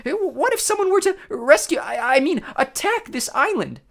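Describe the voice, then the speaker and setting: A man voicing a timid young male satyr disguised as a bride, stammering nervously in falsetto. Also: very animated, moderate pace, vocal fry, fairly bright tone, full character voice.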